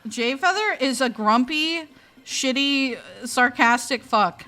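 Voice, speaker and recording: A young adult woman hosting a casual stream, talking in an animated, exasperated way with a lot of swearing. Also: sits high, takes it slowly. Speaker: streamer host. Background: faint music.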